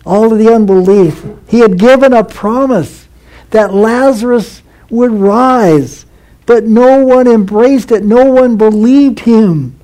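Male pastor preaching, high-pitched and mellow, slow and earnest delivery. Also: poor audio. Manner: earnest, measured preaching with repeated phrases. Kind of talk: sermon.

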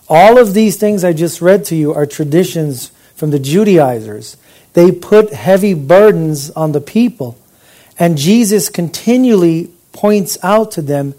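Mellow-voiced man teaching scripture. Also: fairly high pitch, lively intonation, moderate pace. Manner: rhetorical questions to listeners; conversational, with restarts. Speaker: Bible teacher. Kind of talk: informal Bible teaching.

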